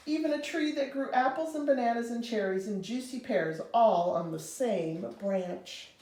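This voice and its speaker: A woman reading a children's storybook aloud in an expressive, animated way. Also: on the high side, far from the mic. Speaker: storybook reader. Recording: roomy, reader away from mic.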